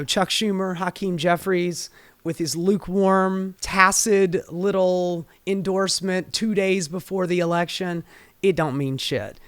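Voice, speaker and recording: A man hosting a solo political commentary rant, cursing freely and dripping with sarcasm. His voice sits high for a man and sounds dry and close, with no room around it. He talks heated and blunt, straight at the listener. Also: fairly bright tone, no room sound.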